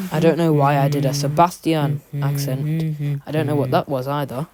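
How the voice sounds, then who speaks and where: With loud background music running, a woman gives casual voice-over commentary while she draws, rambling, putting herself down, and saying um a lot. Her low voice keeps a fairly even intonation at a moderate pace with few pauses.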